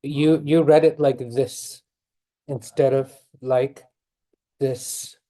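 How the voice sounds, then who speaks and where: A man teaching tajweed, patiently correcting students and modeling the recitation slowly. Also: medium pitch, steady tone, warm tone.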